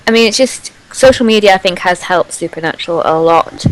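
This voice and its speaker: A woman's voice: fairly low pitch, lively intonation, a little fast, low-quality recording. A woman from northeast England with a Geordie accent, chatting in a chatty, teasing way. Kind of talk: casual chat.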